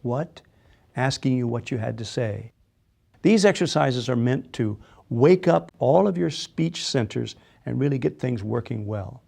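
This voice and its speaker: A man's voice: mid-range voice, expressive, measured pace, vocal fry, a little mellow. A man leading a guided voice exercise class, patiently coaching and demonstrating yawns and sung tones. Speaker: voice and speech exercise instructor.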